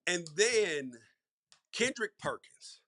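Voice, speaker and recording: A man's voice: high voice, big pitch swings, takes it slowly, pushed and bright, no room sound. A middle-aged man hosting a sports podcast, giving solo commentary in a conversational, emphatic way and repeating words for stress. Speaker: podcast host.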